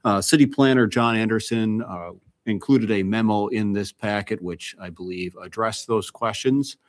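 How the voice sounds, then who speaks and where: Lowish male staff member, measured report to council, hesitant fillers. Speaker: city administrator presenting to council. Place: city council chamber.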